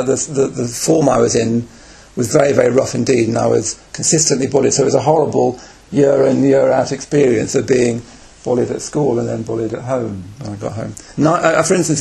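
Man, 40s, gravelly fry, candid reflective retreat talk. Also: mid-range voice, mellow. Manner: candid, reflective, self-deprecating. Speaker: Buddhist speaker on retreat. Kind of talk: personal anecdote talk.

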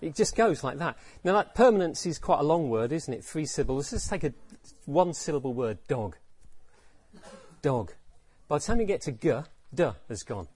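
A man's voice: a little high, sing-song, a little fast, few pauses, a little mellow, slightly rough. A man giving a reflective dharma talk as teacher, repeating phrases and asking rhetorical questions.

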